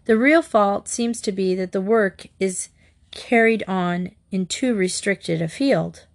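A kindly middle-aged school official, formal and earnest, read by a woman. He speaks in measured, polite storybook phrasing. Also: medium pitch, creaky.

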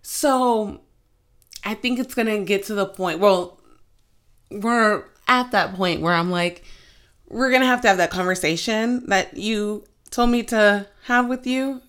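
Woman, 20s, podcast host; bright, unhurried delivery, animated storyteller. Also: medium pitch. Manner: giggly, animated storytelling with sudden loud outbursts. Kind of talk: casual chat.

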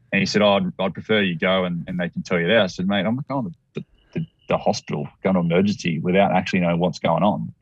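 A man's voice: deep voice, slightly rough, dry recording, muffled recording. An Australian man telling a personal story as a guest, rambling with restarts and acted-out quotes.

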